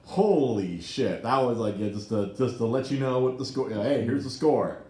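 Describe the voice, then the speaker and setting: A man co-hosting a podcast in casual chat, excitable and swearing freely, with many restarts. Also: medium pitch, moderate pace, reverberant. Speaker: podcast co-host. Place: podcast studio.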